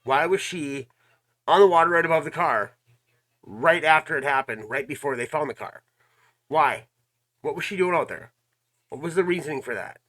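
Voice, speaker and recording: Man, reaction host, bright voice, emphatic, casual commentary. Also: a little high, normal speed, long pauses. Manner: emphatic, asks the audience questions.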